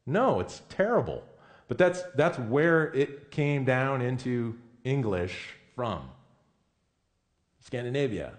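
A man preaching a sermon in a conversational, emphatic way, often correcting himself mid-sentence. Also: medium pitch. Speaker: pastor.

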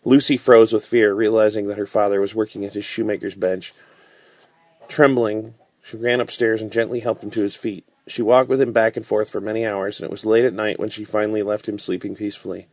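A man reading a classic novel aloud as a bedtime story, calm and unhurried with occasional fillers. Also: fairly low pitch, no room sound.

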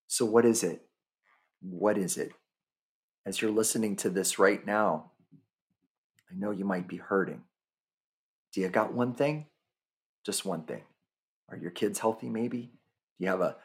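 Deep husky man hosting a podcast. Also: normal speed, pauses often. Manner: earnest, speaks straight to the listener. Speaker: podcast host. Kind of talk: motivational podcast monologue.

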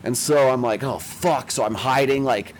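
A man's voice: mid-range voice, steady tone, normal speed, slight background noise, rough recording. A young man, telling a long story in casual chat, with a lot of swearing and self-mocking asides. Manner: profane, rambling, self-mocking.

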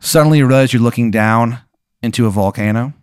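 A man improvises a crude comic story, narrating to his guest in a loose, rambling way full of fillers. His voice is smooth and clear, and the recording is close and dry, with no room sound. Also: mid-range voice, quick pace, no room sound. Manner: profane, rambling second-person narration with many fillers. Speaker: host.

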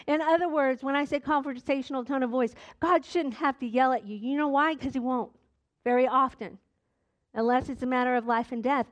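A middle-aged woman pastor preaching a sermon, earnest and direct, putting questions to the congregation. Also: high voice.

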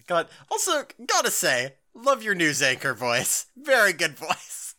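Lively, bright-voiced young podcast co-host. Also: mid-range voice, slow. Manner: rambling, full of "like" and swearing, animated. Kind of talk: casual chat.

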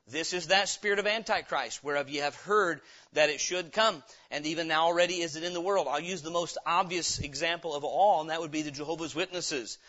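A man's voice: a little high, sharp tone, dull audio. A male pastor preaching a sermon, emphatic, throwing rhetorical questions at the congregation. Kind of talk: sermon, Bible teaching.

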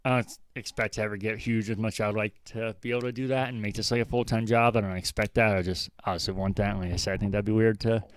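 A young man with a low, smooth voice hosting a relaxed gaming podcast. He thinks out loud and rambles through his points, poking fun at himself. The sound is dry and close. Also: fast talker, hardly any pauses, no room sound. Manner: rambling, self-deprecating, thinks aloud. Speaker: podcast host. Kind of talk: casual chat.

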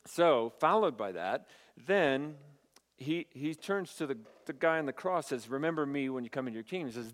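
A man preaching a sermon, telling a story with animated dialogue and asides to his audience. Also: on the high side, normal speed. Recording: hall reverb.

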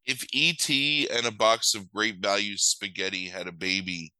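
A man's voice: lowish voice, fairly even intonation, normal speed, pushed and bright, clean tone, no room sound, rough recording. Sick man rambling through a movie recap. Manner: rambling, crude, self-correcting retelling. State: sick with a cold. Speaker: podcast co-host recapping a film. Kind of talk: casual profane chat.

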